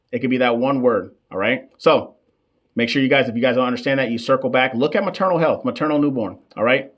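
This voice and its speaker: Chatty man coaching nurses live. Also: medium pitch. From United States. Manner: chatty, reads chat shout-outs, stumbles over long terms. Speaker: nurse coach hosting a live question session. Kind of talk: casual live-stream teaching. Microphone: desk microphone.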